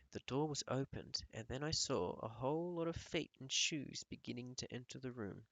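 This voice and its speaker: A male teacher reading a novel aloud to his pupils in a calm storytelling voice. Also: medium pitch, gravelly, dry recording, rough recording.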